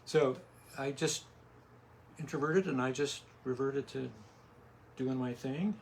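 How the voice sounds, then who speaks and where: Older guy, soft-spoken artist, kinda mumbly, small room with faint hiss. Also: medium pitch, slow. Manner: soft-spoken, trails off and restarts. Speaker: artist guest. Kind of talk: casual interview. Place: small home studio in a condo bedroom.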